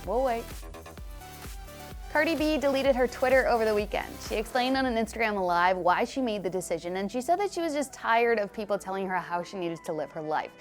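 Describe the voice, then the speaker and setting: A woman's voice: a little high, animated, brisk. Breezy young woman hosting music news. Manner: chatty, breezy, adds personal asides. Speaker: entertainment news host. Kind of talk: upbeat scripted news presenting.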